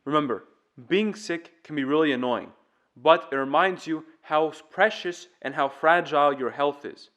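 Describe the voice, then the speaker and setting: A man's voice: a little high, normal speed, a bit bright. Man, singing teacher, casual tutorial, earnest, demonstrative. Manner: earnest, demonstrative, explains step by step.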